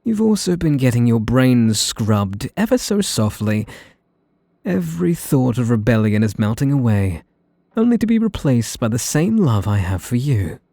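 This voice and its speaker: A man with a British accent playing a possessive, sweetly menacing young male mage in an ASMR role-play, talking in a soft, teasing, condescending way. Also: medium pitch, big pitch swings, normal speed, creaky, dry recording. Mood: soothing.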